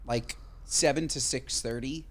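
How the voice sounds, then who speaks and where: A man in his thirties co-hosting a casual podcast chat, animated and jokey, swearing freely. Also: measured pace. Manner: animated, swearing, jokey, lively pitch swings. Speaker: podcast co-host.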